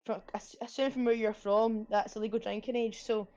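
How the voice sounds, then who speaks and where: A woman's voice: on the high side, fairly even intonation, a little fast, dark tone, highs cut off. A woman playing in a tabletop game, asking chatty, curious questions in character. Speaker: player.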